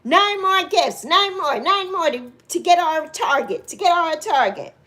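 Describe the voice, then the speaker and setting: Woman, 60s, livestream host: high, emotional, chatty with viewers. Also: unhurried. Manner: warm, emotional, greets viewers by name; laughs easily, swoops up to excited highs. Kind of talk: casual livestream chat.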